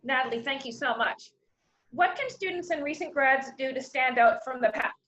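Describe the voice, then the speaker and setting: A woman's voice: high-pitched, normal speed, a bit bright. Polite woman moderator, lo-fi sound. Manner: polite, appreciative. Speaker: interviewer, moderator. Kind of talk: moderating a panel.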